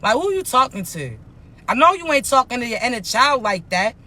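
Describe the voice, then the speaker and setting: A woman coach delivers a motivational spiritual talk with a bright, forceful edge to her voice. She speaks bluntly and emphatically, in heavy slang with plenty of swearing. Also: on the high side, sing-song, brisk.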